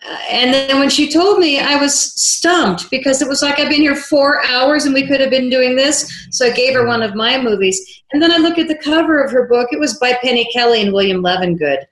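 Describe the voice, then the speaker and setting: A woman filmmaker, a guest on an interview show, telling a story in a lively way and acting out the dialogue she quotes. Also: sits high, fairly quick, few pauses. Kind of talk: animated anecdotal storytelling. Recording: roomy echo.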